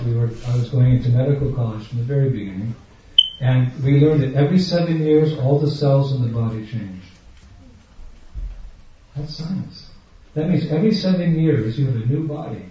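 A man's voice: mid-range voice, normal speed, mellow. Man preaching in an echoey hall. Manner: emphatic, asks the audience direct questions; acts out everyday scenes in different voices. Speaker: spiritual teacher. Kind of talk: sermon. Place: large room with an audience. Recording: dull, echoey hall, far from the mic.

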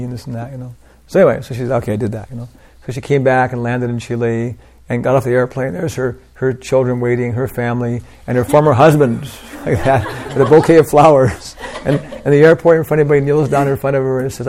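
An older man giving an informal devotional talk, rambling through anecdotes with lots of "you know" and soft laughs. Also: mid-range voice, fast talker, gravelly. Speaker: preacher.

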